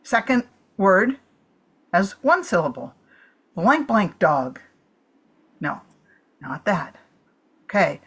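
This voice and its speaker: A woman improv performer on a video call, thinking aloud in halting bits while guessing. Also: medium pitch, very animated, fairly bright tone, breathy edge. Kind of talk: guessing game banter.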